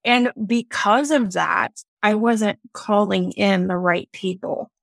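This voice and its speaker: A woman who owns a business is a guest on a podcast, reflecting earnestly on her own experience in casual interview talk and often speaking in lists. Her mid-range voice is gravelly and slow, recorded with no echo.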